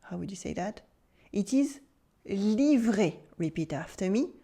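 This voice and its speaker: A French woman teaching pronunciation in English with a French accent, enunciating slowly and carefully and prompting the listener to repeat after her. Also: on the low side, expressive, gravelly, mellow. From France. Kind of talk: pronunciation lesson.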